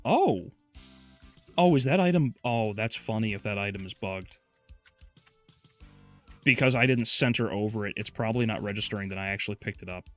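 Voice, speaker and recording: A man's voice: fairly low pitch, animated, moderate pace, long pauses, fairly bright tone, faint music behind. A man streaming a game, chatting casually with his viewers, swearing freely and laughing often as he plays. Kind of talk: casual gameplay commentary.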